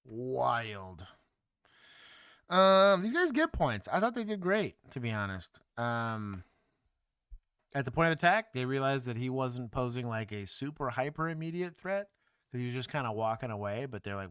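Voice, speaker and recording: Male stream host, lively pitch, blunt casual reactions, dry close sound. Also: moderate pace, clear, resonant tone, no echo. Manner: animated, blunt reactions with laughs. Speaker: former police officer, stream host. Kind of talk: casual livestream commentary.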